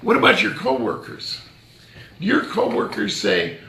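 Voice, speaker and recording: A man's voice: high-pitched, wildly swooping pitch, measured pace, gravelly, pushed and bright, echoey room, a little hiss or hum. A male pastor giving a conversational sermon, joking and challenging his listeners directly.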